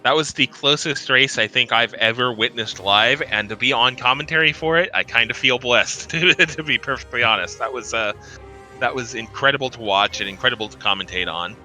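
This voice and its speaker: A man's voice: mid-range voice, brisk, sharp tone, soft background music. A man commentating and interviewing racers after a race, chatty and rambling, laughing often. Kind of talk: casual post-race interview.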